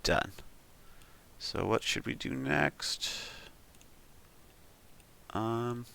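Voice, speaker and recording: A man's voice: mid-range voice, extremely slow, creaky, bright, forceful tone, a little hiss or hum. A man hosting a 3D modeling tutorial, talking casually and thinking aloud with frequent ums and uhs as he talks the viewer through each step. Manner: talks the viewer through steps with "we'll" and "you could". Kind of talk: casual screen-recorded tutorial.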